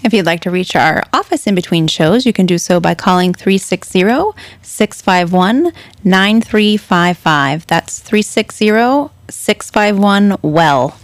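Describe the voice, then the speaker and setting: A woman co-hosting a radio health show as a doctor, brisk and matter-of-fact, listing medical causes and giving quick affirmations on a studio mic. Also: medium pitch, animated, dry recording. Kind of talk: casual radio chat.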